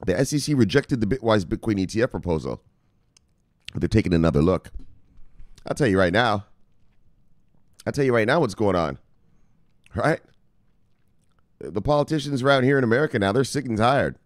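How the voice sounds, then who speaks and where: A man's voice: fairly low pitch, animated, normal speed, pauses often, no echo, clean studio sound. A man hosting a crypto news show, talking casually with lots of swearing, laughter and playful asides. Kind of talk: casual profane news commentary.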